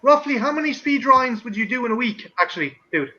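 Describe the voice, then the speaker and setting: High bright-voiced swearing man. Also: lively intonation, quick pace. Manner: swears a lot, joking. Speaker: stream host. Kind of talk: casual chat. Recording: dull lo-fi sound with faint noise.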